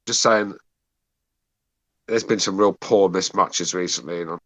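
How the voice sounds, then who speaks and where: A man's voice: low voice, unhurried, fairly bright tone, no room sound. A man co-hosting a call-in boxing podcast, grumbling and sarcastic in casual banter. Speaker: podcast co-host.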